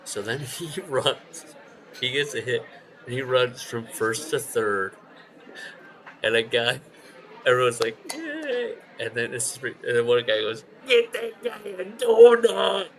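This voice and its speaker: A man with a bright, forceful voice chats on a podcast. He tells rowdy stories, swears freely and breaks into loud shouts when he imitates people. The pitch sits in the middle for a man. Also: a little slow. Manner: animated storyteller, swears, shouts out quoted voices. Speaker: podcast co-host. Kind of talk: casual chat.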